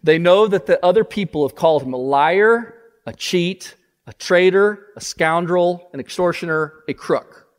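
A man's voice: high voice, moderate pace, big-room sound. A man preaching a sermon, passionately voicing a repentant sinner's confession.

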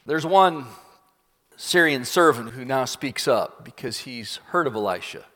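A man's voice: mid-range voice, animated, unhurried, fairly bright tone, in a large hall. A man preaching, retelling a story dramatically. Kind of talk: sermon storytelling.

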